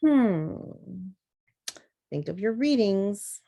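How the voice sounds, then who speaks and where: A woman's voice: medium pitch, big pitch swings, very slow, warm tone. A woman giving a patient phonics lesson to teachers, sounding out words as she writes. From Southern US.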